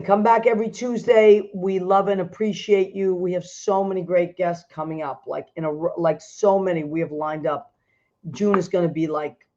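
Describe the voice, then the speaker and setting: A middle-aged woman hosting a casual chat show, animated and quick to laugh. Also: fairly low pitch, highs cut off. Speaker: host.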